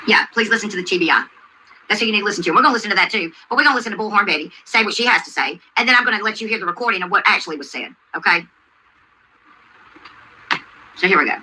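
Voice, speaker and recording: Middle-aged woman livestreaming, super bright voice, calls everyone baby and honey, calm but pointed. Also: medium pitch, rapid-fire, slight background noise, rough recording. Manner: calls viewers baby, honey and sweetheart while calling out a rival; insists she is calm and not screaming. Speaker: YouTube commentary host. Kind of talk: casual livestream commentary.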